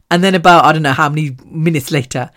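A woman, hosting a solo podcast and telling personal stories in an animated, chatty way, often laughing. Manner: animated and chatty, with frequent laughs and big swings in pitch. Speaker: podcast host.

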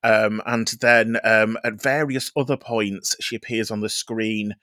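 A man's voice: lowish voice, steady tone, unhurried, sharp tone, no room sound, clean studio sound. A man reviewing a musical in casual podcast chat, talking in a chatty, hesitant way with many ums.

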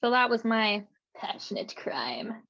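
A woman's voice: on the high side, sing-song, measured pace. A young woman co-hosting a podcast, telling a story in casual chat and laughing often. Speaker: podcast co-host. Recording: dull lo-fi mic.

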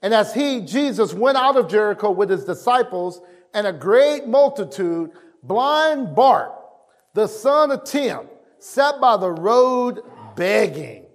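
A man preaching a sermon, reading scripture aloud and acting out the voices with emphatic, drawn-out delivery. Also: high voice, big pitch swings. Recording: long hall reverb.

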